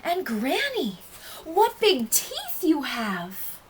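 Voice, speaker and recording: A kind, polite little girl from a children's storybook speaks sweetly and primly, as a woman reads her aloud. Her voice is bright and lively in its ups and downs. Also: on the high side, normal speed. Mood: wide-eyed. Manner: sweet and prim.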